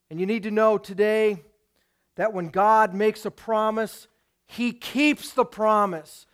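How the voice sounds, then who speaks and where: A man's voice: high-pitched, fairly even intonation, slow, clean tone. A man preaching a sermon as pastor, emphatic and putting rhetorical questions to his congregation.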